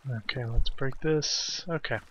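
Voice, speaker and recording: Man, let's play commentary, slow and mumbly, self-deprecating, lo-fi sound. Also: mid-range voice, a bit bright. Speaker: video game player. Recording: dull lo-fi recording.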